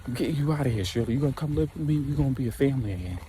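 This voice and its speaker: A man's voice: mid-range voice, animated, very fast, dark tone, slight background noise, pitched above the performer's own voice, natural voice. A man voicing a woman's eager, caring sister who repeats herself insistently. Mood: urgent hopeful.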